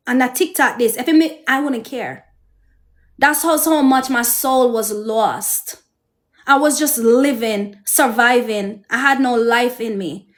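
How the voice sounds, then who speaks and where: A woman with a Jamaican accent and a high voice tells her viewers about her life. She talks straight to them, emotional and preachy, like a personal testimony. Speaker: host.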